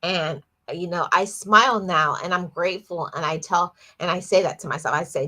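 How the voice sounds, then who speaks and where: A woman's voice: lowish voice, normal speed, hardly any pauses, pushed and bright. A woman hosting a livestream, talking earnestly and reflectively about her own life, often repeating words and restarting sentences. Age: adult, lost her father at eighteen years ago. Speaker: livestream host. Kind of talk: reflective personal talk on a livestream.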